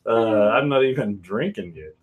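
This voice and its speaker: A man's voice: lowish voice, animated, normal speed, narrow, tinny audio, crowd noise. A man hosting a casual whisky chat at home, rambling and joking with frequent laughs. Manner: rambling, jokey, loud laughs. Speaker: whisky channel host.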